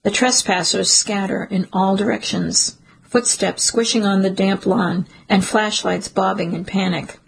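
A woman narrating a first-person suspense story in a steady, measured storytelling manner. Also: medium pitch, creaky, slightly rough, rough recording. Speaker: audiobook narrator.

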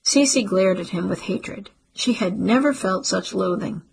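A woman narrating a literary story in a steady audiobook reading. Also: mid-range voice, unhurried, vocal fry, hardly any pauses, slightly rough, rough recording.

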